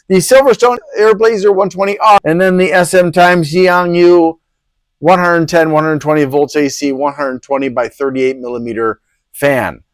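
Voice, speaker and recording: A man's voice: fairly high pitch, no echo. A man hosting a PC hardware review channel, talking casually with rambling, sarcastic asides. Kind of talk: casual product review talk.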